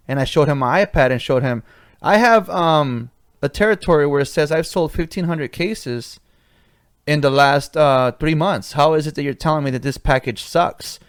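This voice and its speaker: A man's voice: a little high, lively intonation, a little fast, no echo, clean studio sound. A man hosting a podcast, telling a cocky work story in a casual, profane way. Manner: profane, swaggering anecdote-telling. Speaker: podcast host.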